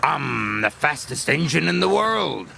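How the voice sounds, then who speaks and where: A low, gravelly diesel engine that taunts and brags, put on by a man reading a storybook. He drawls his words slowly, set back from the mic with hiss and noise behind. The swagger never lets up. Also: big pitch swings, exaggerated voice. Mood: boastful. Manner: taunting and showing off. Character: sneering boastful male diesel engine.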